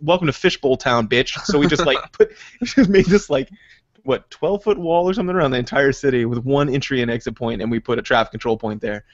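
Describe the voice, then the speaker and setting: A man's voice: medium pitch, quick pace, no echo, highs cut off. A man, an army veteran, telling rambling, profane stories on a casual podcast. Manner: rambling, profane, laughs through his stories.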